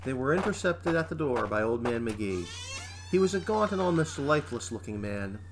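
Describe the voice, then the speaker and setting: A man narrates a story in a steady, mid-pitched voice, keeping the storytelling plain and even. Clear hiss runs under the noisy amateur recording. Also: moderate pace.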